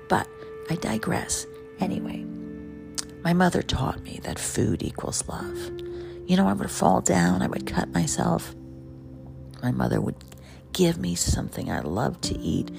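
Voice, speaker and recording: Gravelly, animated voice over music. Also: mid-range voice, normal speed. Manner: excitable, jazzed up, drops into hushed asides. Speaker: podcast host and memoir author. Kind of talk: personal gratitude monologue. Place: home, early morning, quiet for neighbors.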